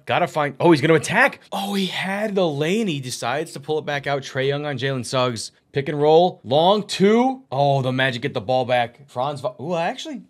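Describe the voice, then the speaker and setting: Young male gamer, play-by-play caller, slightly high voice, erupts into shouts on big plays. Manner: swings from calm calling to shouting at big shots. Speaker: gaming YouTuber doing play-by-play. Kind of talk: play-by-play commentary of a video game.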